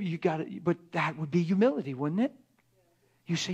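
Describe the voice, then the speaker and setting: A pastor giving a conversational sermon, earnest and full of rhetorical questions, acting out little dialogues. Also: male voice, on the high side, lively intonation, fairly quick, darkish tone, slightly rough. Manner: earnest, acts out dialogue between spouses.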